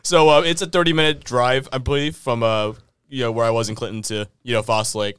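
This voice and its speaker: A man's voice: medium pitch, fairly even intonation, fairly quick, a bit bright, smooth, no room sound, clean studio sound. A young man telling a long personal story on a podcast, rambling with lots of fillers and restarts. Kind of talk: casual storytelling.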